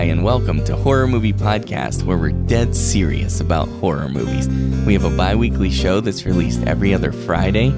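A man hosting a podcast in casual chat, chatty and laughing often. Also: low voice. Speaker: podcast host. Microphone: podcast microphone.

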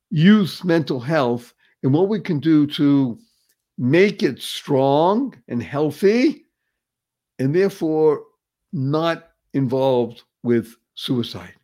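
A man's voice: on the high side, big pitch swings, takes it slowly, a little mellow. A man hosting a motivational talk show, enthusiastic and effusive, repeating phrases for emphasis. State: paralyzed for years. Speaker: show host.

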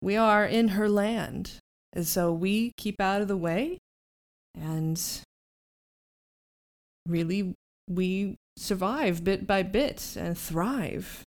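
A woman's voice: mid-range voice, expressive, slow pace. A prim, formal little cockroach, as a woman puts him on in a tabletop game, fussy about manners and reverent toward his mistress. Her voice sits mid-range. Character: polite fussy male cockroach, small, formal.

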